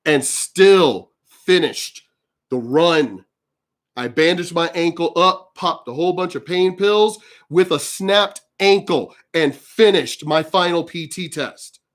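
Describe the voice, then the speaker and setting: A man in his fifties rants straight into his own vlog, cursing freely and telling stories in a blunt, combative way. His voice sits a little higher than most men's. He talks like someone who says exactly what he thinks and does not care who minds. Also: fairly bright tone. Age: 50s. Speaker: video commentator. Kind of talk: ranting commentary vlog.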